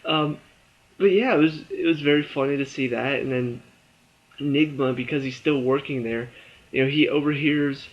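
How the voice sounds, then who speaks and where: A worn-out man talks through a TV episode review in a loose, rambling way, with many "um"s and restarts. His voice sits at an ordinary middle pitch. The recording sounds dull and a little lo-fi. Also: normal speed. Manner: rambling, filler-heavy, frequent restarts. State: tired. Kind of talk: casual spoken review.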